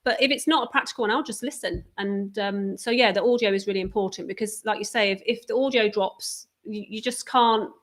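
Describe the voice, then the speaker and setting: A woman's voice: medium pitch, a little fast, hardly any pauses. A woman appearing as a guest on a live stream, chatting casually and offering encouraging advice.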